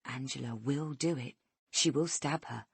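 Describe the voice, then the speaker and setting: Woman voicing a low, softly menacing kidnapper. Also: no room sound. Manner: low, slow and softly threatening.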